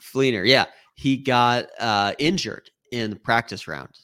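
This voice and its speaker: A man's voice: mid-range voice, measured pace, sharp tone. A man co-hosting a casual golf-betting podcast, musing in a wry, easygoing way. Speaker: podcast co-host. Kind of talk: casual sports-betting chat.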